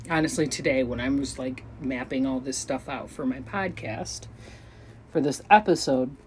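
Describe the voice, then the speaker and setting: Her voice is deep with a breathy edge: a thirtysomething woman talking solo on her podcast. The monologue is casual and meandering, full of ums, false starts, and jokes at her own expense.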